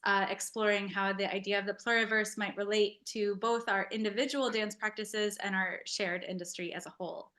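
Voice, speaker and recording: A woman in her forties introducing herself as project coordinator on a video call, earnest and measured. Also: medium pitch, pushed and bright. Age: 40s. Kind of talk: online meeting introduction.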